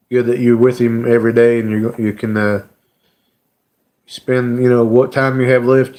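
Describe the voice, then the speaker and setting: A man chats with his live-stream audience at an ordinary middle pitch. He talks haltingly and emotionally, often trailing off into "you know" and "uh". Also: a little mellow. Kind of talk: casual live-stream chat.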